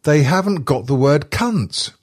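A man's voice: fairly high pitch, expressive, unhurried. A man hosting a casual podcast, reading a list aloud with constant swearing and jokes. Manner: swears constantly, jokey, laughs often.

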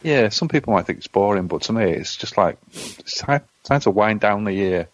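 A man co-hosting a casual comedy podcast over a video call, blunt and sweary with deadpan jokes. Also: fairly low pitch, moderate pace, highs cut off. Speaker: podcast co-host.

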